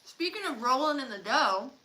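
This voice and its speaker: A woman's voice: sits high, expressive, moderate pace, sharp tone, rough recording. A woman co-hosting a casual livestream, chatting and rambling with lots of fillers while she eats. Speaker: livestream co-host.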